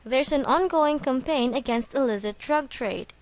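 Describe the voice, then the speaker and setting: A woman reading a scripted English vocabulary lesson, slow and deliberate, spelling words out letter by letter. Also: sits high. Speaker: English teacher.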